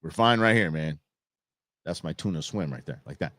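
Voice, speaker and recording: A man's voice: very deep voice, expressive, moderate pace, fairly bright tone, no echo, voice pushed down. A man voicing a laid-back smug tuna.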